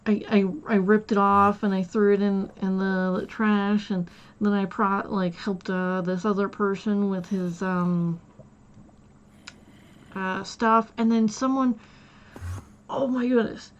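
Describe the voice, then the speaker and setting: A woman's voice: medium pitch, fairly even intonation, takes it slowly, highs cut off. A woman streamer casually retelling a story from her day, rambling and quoting the back-and-forth with many "I was like" asides. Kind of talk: casual storytelling while gaming.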